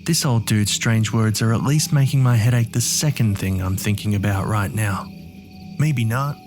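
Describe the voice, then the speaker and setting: A man's voice: fairly low pitch, moderate pace, over music. A man narrating a horror story in the first person with a gritty, streetwise delivery.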